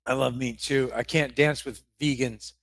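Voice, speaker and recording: A man co-hosting a live comedy podcast, reading mock ad spots with crude deadpan jokes. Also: medium pitch, moderate pace, dry recording. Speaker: podcast co-host.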